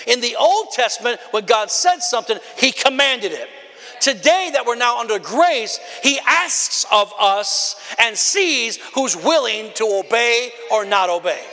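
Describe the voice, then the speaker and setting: A man delivers a fiery sermon in a strikingly high, bright voice, shouting out his points and calling for answers from the pews. His words echo with a long tail through a large church hall. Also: animated, unhurried. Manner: emphatic, often shouting, calls on the congregation. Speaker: preacher.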